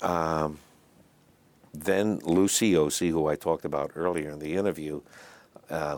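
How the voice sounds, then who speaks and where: An older man telling stories in a relaxed, chatty way as an interview guest, with lots of fillers and asides. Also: very deep voice. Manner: raspy, chatty anecdotes full of fillers. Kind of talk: storytelling in a casual interview.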